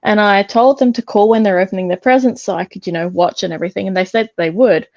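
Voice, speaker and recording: A woman chats as a guest on a livestream, relaxed and quick to laugh lightly. Her voice sits in the middle of the range. The sound is dull and muffled, like a remote call. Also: medium pitch. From Australia. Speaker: stream guest. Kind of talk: casual chat.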